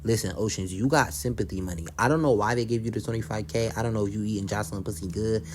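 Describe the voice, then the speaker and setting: A man's voice: lowish voice, quick pace, slight background noise. A young man casually recapping a reality show, blunt and profane, gossiping and acting out what the cast said.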